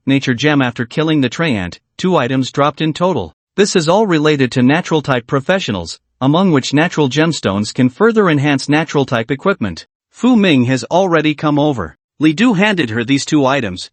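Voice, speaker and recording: A man giving a steady, scripted narration of a comic recap. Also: fairly high pitch, moderate pace, dry recording. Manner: steady, even read with no fillers.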